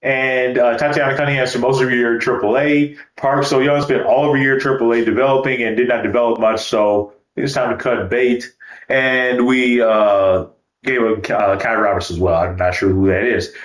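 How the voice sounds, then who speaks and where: A man's voice: medium pitch, fairly even intonation, moderate pace. Joking man with roomy echo. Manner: loose, joking, swears casually. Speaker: gaming YouTuber. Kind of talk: casual gameplay commentary.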